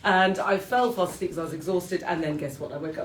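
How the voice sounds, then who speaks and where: Very animated, a little fast and rarely pausing, a British woman with a mid-range voice hosts a morning qigong session streamed live from her home, dogs about. She chats casually, teases herself and bursts into laughter often, with echo and crowd noise in the background.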